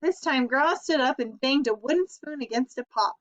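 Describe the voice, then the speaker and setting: A woman narrating a children's chapter book aloud in a lively, expressive way. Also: high-pitched, a little fast. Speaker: audiobook reader. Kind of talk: storybook narration. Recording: dull lo-fi recording.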